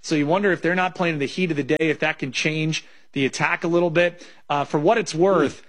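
A man with a slightly raised voice talks through his betting picks in a measured, thinking-aloud way. He speaks as an analyst on a casual sports show. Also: fairly high pitch, steady tone, fairly bright tone. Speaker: sports betting analyst, former baseball pitcher.

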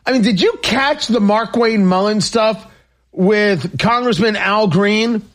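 A man's voice: sits high, slow pace, fairly bright tone. A man hosting a talk radio show, speaking in an emphatic, repetitive monologue.

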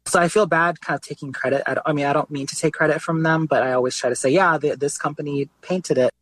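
A man's voice: a little high, quick pace. A young man, an artist, telling his story casually in an interview, with lots of "like" and "you know". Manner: relaxed, conversational, many fillers like "like" and "you know". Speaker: guest artist.

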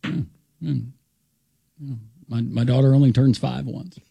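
A man hosting a radio talk show with a gravelly, husky voice. He speaks in an easygoing, wry, self-deprecating way. The studio mic sounds close and dry. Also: medium pitch, fairly even intonation, measured pace, mellow, no room sound.

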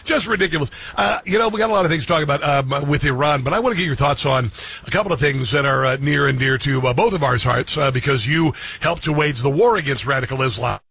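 Man, talk radio host, bright tone, husky, loud chatty delivery with fillers. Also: on the high side, expressive. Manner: loud, laughing, quick asides, many fillers. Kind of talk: conservative talk radio chat.

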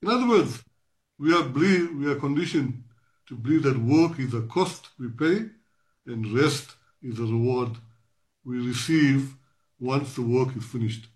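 Halting, reflective man in his sixties. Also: mid-range voice. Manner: halting, many fillers and restarts, reflective. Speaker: guest, professor. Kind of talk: interview answer.

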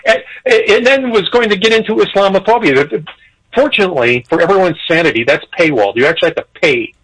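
A man discussing politics on a radio talk show, animated, chuckling, with frequent restarts. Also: high-pitched, fast, breathy edge, rough recording. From Irish heritage. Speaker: political commentator.

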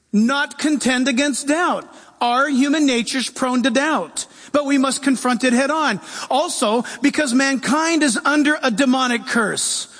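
Animated male preacher, loud bits then quiet asides, high voice. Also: big-room sound. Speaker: pastor. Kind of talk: sermon.

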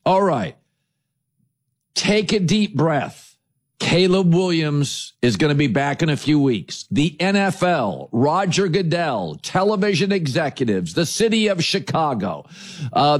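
Animated high-voiced sports talk host. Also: male voice. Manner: emphatic, lecturing, punchy lists. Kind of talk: opinionated sports commentary monologue.

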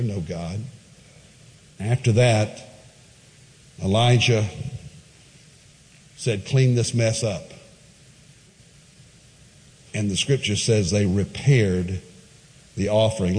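A man preaching a sermon, retelling a scripture story with lively swings between quiet asides and high, excited quoted voices. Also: big-room sound, low-quality recording. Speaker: pastor.

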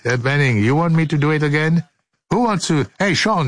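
A man's voice: a little high, very animated, normal speed, fairly bright tone, no room sound. A man hosting a radio show, joking through outtakes in a playful, theatrical way. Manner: jokey, theatrical, swoops into silly voices. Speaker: radio host. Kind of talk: playful studio banter and outtakes.

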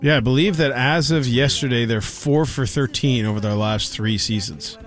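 A man co-hosting sports talk radio, ranting in an animated, emphatic way. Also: mid-range voice, moderate pace, soft background music.

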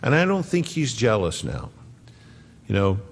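A man's voice: lowish voice, very animated, a little slow. A man preaching a sermon in an earnest, conversational way, acting out the quotes he tells. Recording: long hall reverb.

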